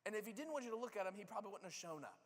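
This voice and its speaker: A pastor telling a story in a sermon, acting out the characters' lines with lively, casual energy. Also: male voice, high-pitched, racing, in a large hall. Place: church sanctuary.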